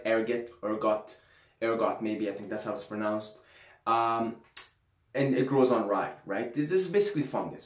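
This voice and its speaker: Man musing casually in an echoey room. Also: medium pitch. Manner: loose, emphatic, swears freely, repeats phrases. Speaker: vlogger. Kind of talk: casual monologue to camera. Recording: roomy echo.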